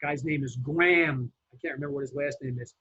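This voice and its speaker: A real estate instructor, lecturing a class in an emphatic, lively way with fillers and restarts. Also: male voice, mid-range voice, quick pace, breathy edge. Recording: dull lo-fi classroom recording.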